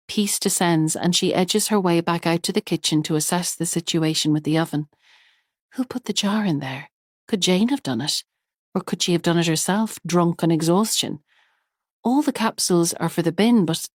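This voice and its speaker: Woman reading an audiobook, lowish voice, calm and measured, dry close mic. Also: dry recording. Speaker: audiobook narrator. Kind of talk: scripted audiobook narration.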